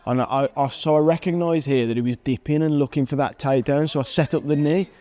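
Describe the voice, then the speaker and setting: A man in his thirties, an MMA fighter, casually commentating on his own old fight footage with animated excitement and frequent chuckles. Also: fairly high pitch, fast talker. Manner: animated, chuckles at himself, bursts of excitement at big moments. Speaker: MMA fighter and channel host.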